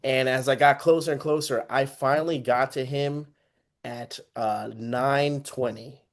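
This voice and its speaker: Here the young Texas podcast host takes an unhurried pace with a medium-pitched voice. His storytelling is casual and lively, and he acts out the people he quotes.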